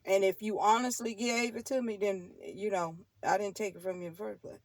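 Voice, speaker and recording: Her mid-range voice is steady and brisk with a darkish tone, and there's no room sound. The speaker, a middle-aged tarot channel host, addresses viewers in a casual monologue, stressing and repeating her points, laughing often, and making preachy asides.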